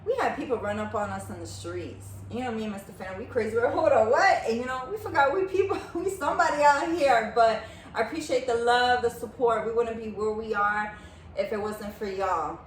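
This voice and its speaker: A woman co-hosting a casual podcast with her husband, outspoken and animated, telling stories and laughing often. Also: fairly high pitch, fairly quick. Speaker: podcast co-host. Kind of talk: casual chat, storytelling. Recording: echoey room, distant mic, background noise.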